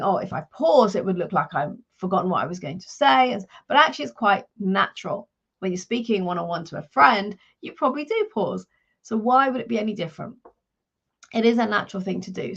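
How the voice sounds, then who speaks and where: A woman coach talks through practical advice in an earnest, conversational way, often stumbling and restarting her phrases. Her voice sits in a middle register with a noticeable creak. The live-stream audio sounds dull and lo-fi. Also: mid-range voice. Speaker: leadership and career coach.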